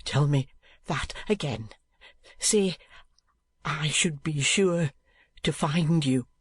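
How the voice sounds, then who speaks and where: A man's voice: on the high side, slow, slightly rough, no echo, clean studio sound, heavily acted. A man voicing a timid, tearful, downtrodden young man of nineteen who pleads in a breaking half-whisper. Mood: pleading.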